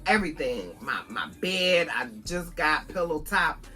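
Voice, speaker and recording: A woman's voice: deep voice, very animated, a little slow, sharp tone. A woman from Buffalo, New York, vlogging a casual storytime to her viewers, talking conversationally and calling her listeners "girl".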